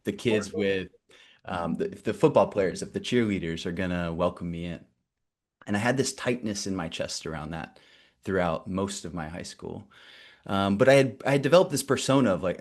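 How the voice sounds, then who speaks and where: A young man with a deep, low voice tells a personal story to an audience. He speaks candidly and casually, with easy fillers and restarts. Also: moderate pace. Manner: animated, candid, loose and conversational with fillers. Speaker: nonprofit director giving a talk.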